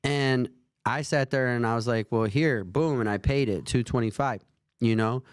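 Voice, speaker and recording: A man's voice: medium pitch, moderate pace, dry recording, clean studio sound. A man in his forties telling a rambling, earnest faith story in casual conversation as a host. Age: 40s.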